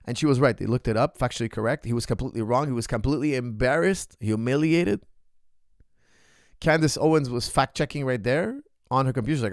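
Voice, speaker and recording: A man's voice: medium pitch, brisk, no echo, clean studio sound. A man hosting a show as a coach, giving casual reaction commentary in short, repeated bursts. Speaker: martial arts coach and show host.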